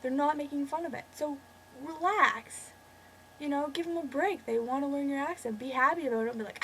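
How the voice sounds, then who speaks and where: A Canadian woman talking straight to camera in a loose, rambling rant, often stopping herself mid-thought. Her voice sits a bit high, and a faint hiss of background noise runs under it. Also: a little fast, fairly bright tone, poor audio. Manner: rambling, chatty, self-interrupting. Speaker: vlogger. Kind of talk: casual ranting monologue.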